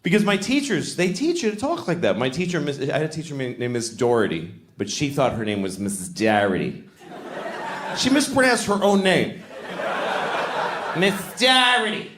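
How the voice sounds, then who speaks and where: A man's voice: mid-range voice, wildly swooping pitch, moderate pace, slight background noise. A man in his forties from Boston doing stand-up comedy in a rambling, conversational, self-mocking way on stage. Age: 40s. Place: stage of a large comedy venue. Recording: echoey live venue.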